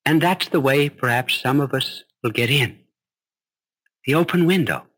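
A man preaching a sermon. He tells a story with gentle humor and recites tender verse. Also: medium pitch, a little slow.

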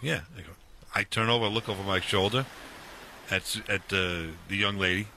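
A man in his fifties casually telling a long story, animated and full of restarts, acting out the dialogue. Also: on the low side, moderate pace, a little hiss or hum.

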